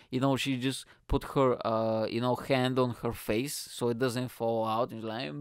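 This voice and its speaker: A man's voice: medium pitch, fairly even intonation, moderate pace, vocal fry, hardly any pauses, smooth, no echo, studio quality. A young man, a comedian, casually telling a story, acting out quotes, swearing freely and laughing often.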